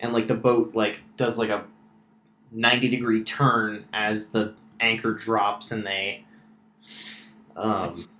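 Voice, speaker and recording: A man's voice: fairly low pitch, little pitch movement, slow pace, pauses often, sharp tone. A man narrating a tabletop game as game master, casual and full of fillers. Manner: casual, many fillers and restarts. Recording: roomy echo.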